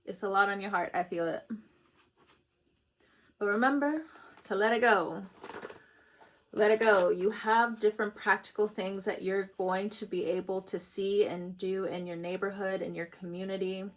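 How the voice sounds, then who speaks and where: A woman talks through a spiritual reading in a loose, conversational way. She laughs often and drifts into emotional asides. Her pitch sits in a middle range. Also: fairly even intonation, normal speed. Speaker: tarot reader.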